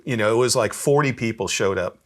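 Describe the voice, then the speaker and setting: A man's voice: fairly low pitch, fast talker. A man telling stories in a casual interview, easygoing, laughing often and repeating words as he starts sentences. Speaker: guest musician.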